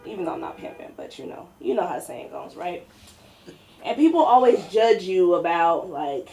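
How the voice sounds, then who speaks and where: A woman's voice: fairly low pitch, lively intonation, moderate pace, mellow. A woman hosting a stand-up open mic, chatty and playful, laughing at her own jokes. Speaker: comedy open mic host. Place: comedy club open mic.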